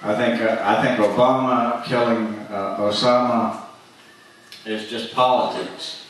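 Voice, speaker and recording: A man delivers a stand-up set slowly and haltingly, with frequent uhs and restarts. His voice sits low. He is caught from a distance in a very echoey comedy club, with faint noise behind him. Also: steady tone. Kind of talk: open-mic stand-up set. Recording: echoey club miked from afar.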